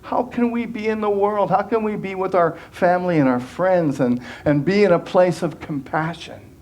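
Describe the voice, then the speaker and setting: A man's voice: high voice, moderate pace, a little mellow. A man giving a sermon as minister, earnest and conversational, often restarting phrases and acting out quoted voices.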